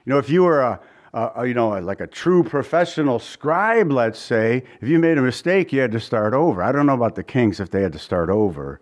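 A man's voice: mid-range voice, big pitch swings, brisk. A man preaching a sermon in a conversational way, often asking his listeners questions and chuckling between points. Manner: restarts often, chuckles now and then. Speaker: pastor.

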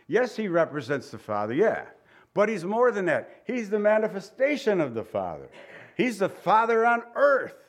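Male preacher, conversational sermon, animated pitch, fairly high voice, chuckles. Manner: conversational, chuckling, acts out quotes. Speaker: pastor. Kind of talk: sermon teaching.

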